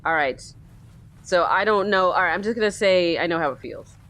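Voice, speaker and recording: A woman's voice: on the low side, brisk, a bit bright. A woman giving casual, rambling let's-play commentary while playing a story game. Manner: rambling, chatty, self-aware. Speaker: gaming video host.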